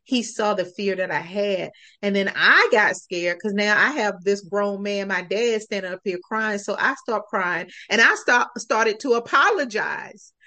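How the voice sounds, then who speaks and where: A woman's voice: mid-range voice, unhurried, pushed and bright. A woman guest on a podcast, telling a personal story in an earnest, reflective way.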